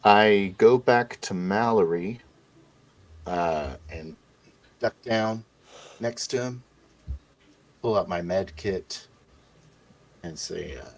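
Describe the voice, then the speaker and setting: A man with a very low voice plays a tabletop role-playing game. He describes what his character does in a relaxed, first-person way. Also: takes it slowly, pauses often. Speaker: player.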